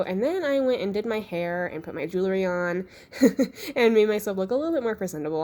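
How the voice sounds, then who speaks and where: A young woman with a hoarse, sick-sounding voice, chatting her way through a makeup tutorial voice-over in a relaxed, self-deprecating way. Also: medium pitch. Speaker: beauty vlogger.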